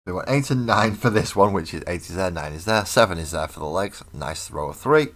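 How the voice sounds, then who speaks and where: A man's voice: deep voice, lively intonation, a little fast, fairly bright tone. A man with a mild English accent chatting casually with viewers on a livestream while building miniatures. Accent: English, milder than local broad accents. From England. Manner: chatty, answers viewers by name, mutters while working. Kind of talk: casual live chat while building models.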